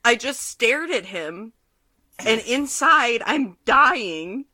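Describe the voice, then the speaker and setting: Woman, podcast co-host, casual storytelling, animated, laughs a lot, bright tone, dry close sound. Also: a little high, very slow, dry recording.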